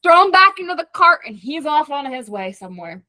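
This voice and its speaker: Podcast co-host, woman, bright and lively, recaps the plot with acted-out quotes; close, dry mic. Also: sits high, brisk, no echo. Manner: animated retelling, acting out characters' lines. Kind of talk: casual book club chat.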